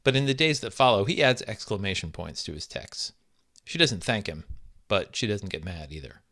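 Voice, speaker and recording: A man's voice: fairly low pitch, expressive, moderate pace, bright, forceful tone. A man in his fifties, an author, reading his fiction aloud and chatting in a wry, self-deprecating way.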